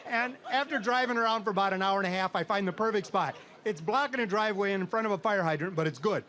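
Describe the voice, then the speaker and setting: A middle-aged man from Minnesota telling a comic story with dry, deadpan timing to a live audience at an outdoor state fair stage. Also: high-pitched, fast talker, few pauses, slight background noise.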